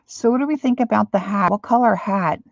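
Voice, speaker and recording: A woman's voice: medium pitch, a little fast, dry recording, highs cut off. An older woman chatting casually while she paints live, rambling and reading viewer comments aloud. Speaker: painting instructor. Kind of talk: live painting stream chat.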